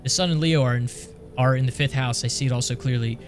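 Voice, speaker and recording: A man voicing a calm, oracular astrology-obsessed mystic in a horror game. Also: mid-range voice, fast talker, soft background music, lightly acted.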